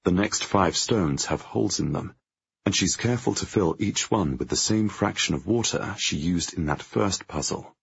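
A man narrating a first-person audiobook in a tense, measured way, with a gravelly, husky voice. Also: low voice. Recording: dry, dull lo-fi audio.

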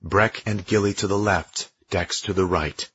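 A man with a very deep, husky voice reads a science-fiction audiobook in steady, measured narration. The sound is dry and close, with a dull, lo-fi band. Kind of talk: scripted narration.

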